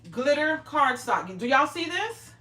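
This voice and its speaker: A woman's voice: sits high, big pitch swings, a little slow, bright, forceful tone, distant mic, slight background noise. A middle-aged woman hosting a craft livestream from her home craft room, talking in a brash, profane, bossy teasing way. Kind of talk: casual livestream chat while crafting. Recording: roomy echo, speaking away from mic.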